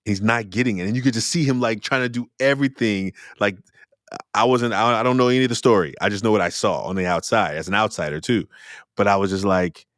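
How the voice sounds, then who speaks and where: A man's voice: fairly low pitch, fast talker, fairly bright tone, no echo, clean studio sound. A man hosting a podcast, telling a story earnestly and repeating phrases for emphasis. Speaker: podcast host. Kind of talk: conversational storytelling.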